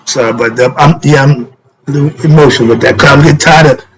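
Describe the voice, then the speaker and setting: A man's voice: a little high, fast, slight background noise, poor audio. Emphatic man teaching with rhetorical questions. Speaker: spiritual teacher. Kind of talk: informal spiritual lesson.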